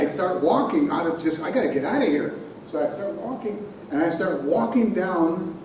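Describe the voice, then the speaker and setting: A man giving a keynote speech in a conference hall, telling a personal story in an animated way and sounding out noises himself. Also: a little high, slight background noise. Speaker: keynote speaker. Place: conference hall on a college campus. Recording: very echoey hall from far off.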